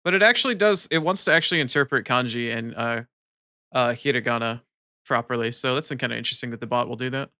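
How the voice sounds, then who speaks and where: A man's voice: medium pitch, fast, bright, forceful tone, no room sound, clean studio sound. A young American man chatting casually on a live stream, reading chat aloud and laughing often.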